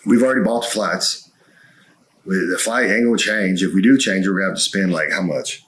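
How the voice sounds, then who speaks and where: A man's voice: low voice, a little fast, fairly bright tone. A man co-hosting a podcast, telling a long story in casual chat and swearing freely. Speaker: co-host.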